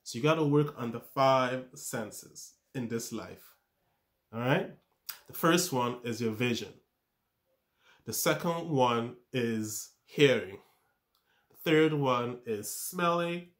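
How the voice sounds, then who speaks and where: A man talks viewers through self-improvement in an average-pitched voice. He keeps asking rhetorical questions and repeating points like a coach. He often trips over his words and starts phrases again. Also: takes it slowly. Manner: stumbles and restarts words. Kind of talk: motivational talk to camera.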